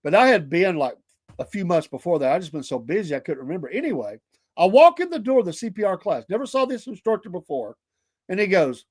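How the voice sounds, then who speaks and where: A man's voice: high-pitched, fast. A man in his fifties with a Southern American accent, hosting a show and telling a story in casual chat, quoting others as he goes. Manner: animated storyteller, voices others in quotes. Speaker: podcast host.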